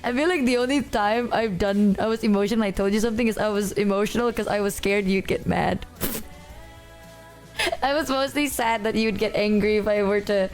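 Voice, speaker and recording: A woman's voice: mid-range voice, a little fast, darkish tone, faint music behind. A woman streaming, chatting casually in a breezy, matter-of-fact way with frequent giggles. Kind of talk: casual chat.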